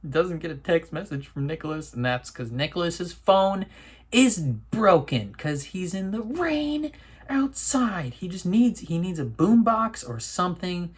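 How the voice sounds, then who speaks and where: A man's voice: high-pitched, big pitch swings, a little slow, slightly rough. A man hosting a reaction video, chatting casually in a rambling way, laughing often and restarting his sentences with lots of fillers.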